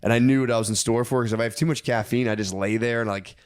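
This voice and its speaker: A man, a podcast co-host telling a long rambling story with laughs, acting out his own thoughts in quick asides. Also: medium pitch, fairly even intonation, clear, resonant tone, no room sound, studio quality. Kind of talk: casual storytelling chat.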